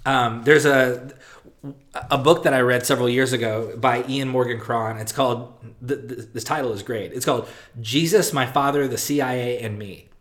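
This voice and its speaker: Guy preaching a sermon, lots of um and like, trails off soft at the end of lines, normal pitch. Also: steady tone. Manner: halting, many fillers and restarts, soft drop at phrase ends. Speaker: pastor. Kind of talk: sermon with a read passage.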